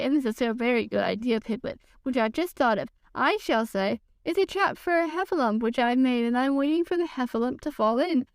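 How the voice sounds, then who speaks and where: A gentle, slow-witted male teddy bear, earnest and musing, as a woman reads him. A storybook voice, smooth and clear, close to the mic. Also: a little high, no echo.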